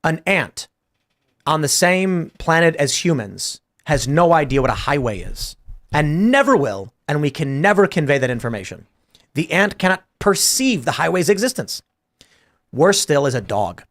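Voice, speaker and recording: Male podcast host, casual and chatty, works through big ideas out loud. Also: fairly high pitch, sing-song, moderate pace. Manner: storytelling, acting out both sides of a conversation; thinking aloud through abstract ideas. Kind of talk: casual panel talk.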